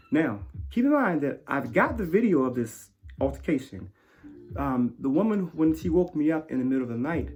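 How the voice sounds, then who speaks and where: Man, personal account, halting and filler-heavy, lively pitch, faint music bed. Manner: halting, many fillers, swings from low murmurs to loud outbursts. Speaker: interviewee recounting arrest.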